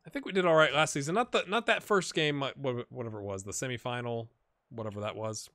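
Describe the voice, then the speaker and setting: A man giving casual, rambling commentary over a football management game, with sudden excited outbursts and a slightly rough throat. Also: medium pitch, fast, no room sound, studio quality. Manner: rambling, excitable bursts over match play. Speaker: gaming commentator. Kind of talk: casual let's-play commentary.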